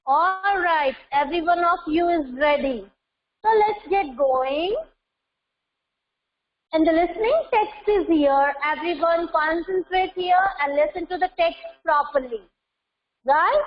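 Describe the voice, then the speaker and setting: A woman teaches young children over an online class. Her voice sits high and she talks slowly, drilling words one at a time. The sound is dull and lo-fi, as if from a laptop mic. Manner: slow, repeats words for pronunciation drills.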